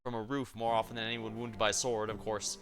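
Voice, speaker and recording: A man voicing a humble, weathered male high priest who explains things in a calm, measured way. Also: soft background music, natural voice. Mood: earnest.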